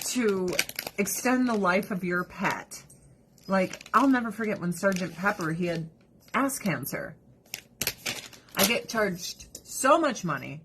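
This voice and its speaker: A woman's voice: medium pitch, a bit bright, slight background noise. A woman hosting a casual livestream chat and plugging her Avon store, candid and blunt, swearing freely and laughing often. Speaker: livestream host and Avon seller.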